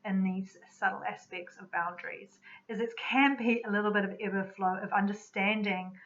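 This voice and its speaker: A woman who works as an energy medicine practitioner, giving a spoken teaching talk in a calm, reflective, unhurried way. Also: mid-range voice. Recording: slightly dull lo-fi recording.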